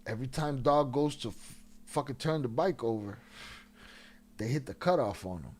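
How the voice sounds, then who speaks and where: Man telling a story with lively pitch. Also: normal speed. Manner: profane, animated, laughs while telling. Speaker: host of a live stream. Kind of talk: casual storytelling.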